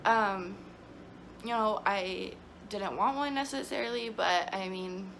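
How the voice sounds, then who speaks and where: A woman's voice: mid-range voice, takes it slowly, vocal fry, fairly bright tone, a little hiss or hum. A young woman vlogging, telling her story in a chatty, emotional way with lots of fillers. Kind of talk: casual storytelling to camera.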